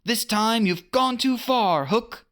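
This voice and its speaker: A cocky young boy hero, high and lively, as a storyteller puts him on. He shouts his challenges with plenty of swagger. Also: slow, heavily acted. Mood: defiant.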